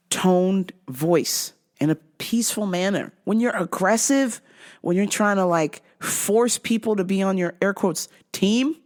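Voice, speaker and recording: Animated woman telling a story. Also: medium pitch. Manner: animated, laughs often, blunt. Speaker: host. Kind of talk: casual storytelling vlog.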